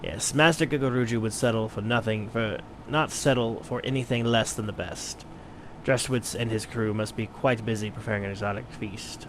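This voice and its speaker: A man voicing a blind retired mercenary turned wine merchant, measured, courteous and wordy, for a game playthrough. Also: fairly low pitch, fairly even intonation, noisy background, natural voice. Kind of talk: let's play voice acting.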